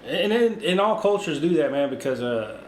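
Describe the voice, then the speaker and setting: A Mexican-born man raised in the US, co-hosting a podcast in relaxed, laughing casual chat. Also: on the high side, moderate pace. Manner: laughing, relaxed, says dude and bro. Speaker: podcast co-host. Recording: echoey room with faint noise.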